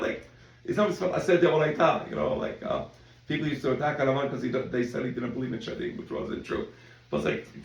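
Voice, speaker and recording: Gravelly-voiced male rabbi teaching in an echoey room. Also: medium pitch, fast, lo-fi sound. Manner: conversational, repeats words, quotes in animated voices. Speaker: rabbi teaching a Talmud class. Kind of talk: casual Talmud lesson.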